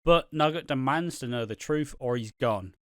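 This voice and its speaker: A man's voice: medium pitch, moderate pace, no room sound, clean studio sound. A man hosting a casual review podcast, rambling with many fillers and the odd swear word. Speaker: podcast host reviewing a soap opera. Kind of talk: casual chat.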